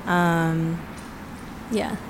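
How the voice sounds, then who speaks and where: A woman's voice: fairly low pitch, steady tone, drawn-out words. A woman who works with youth, speaking hesitantly with fillers in a casual interview. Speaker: youth worker guest. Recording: noisy recording.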